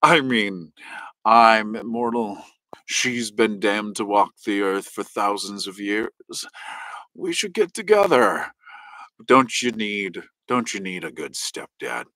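A man voicing a sleazy immortal male witch doctor in a low, smarmy drawl. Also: animated, slow pace, sharp tone, no room sound, exaggerated voice.

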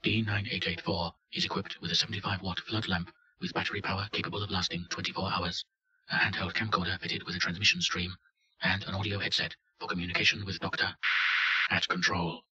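Low-voiced man reading a report. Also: a little fast, highs cut off. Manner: flat, report-like delivery. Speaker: reader. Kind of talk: scripted narration.

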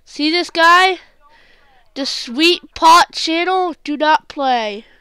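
A woman talks through a video game in a jokey commentary, now and then breaking into yelps and exclamations. Her voice sits high and sounds bright and sharp, and she takes her time between lines. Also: slow pace, dry recording. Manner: jokey, bursts into screams and exclamations. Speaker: gaming channel host. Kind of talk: gameplay commentary.

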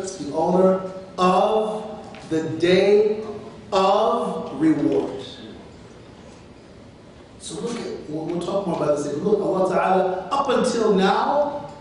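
A man's voice: a little high, darkish tone, recorded from a distance, a little hiss or hum. Echoey man teaching from afar. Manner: explanatory, drawn-out phrasing. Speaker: Islamic teacher. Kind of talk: Quranic grammar lesson. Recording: echoey room, recorded from afar.

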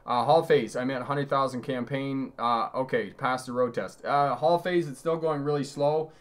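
A man's voice: medium pitch, steady tone, normal speed. A middle-aged man, a driving instructor, giving a live lesson, telling road stories with chuckles and reading out viewer questions. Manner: conversational, storytelling with chuckles. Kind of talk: live-streamed lesson answering chat.

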